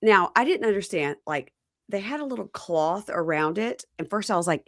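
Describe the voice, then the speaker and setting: A woman hosting a podcast, telling a story in a casual, animated way and acting out what people said. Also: on the low side, fairly quick, no echo, clean studio sound. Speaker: podcast host. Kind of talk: casual recap chat.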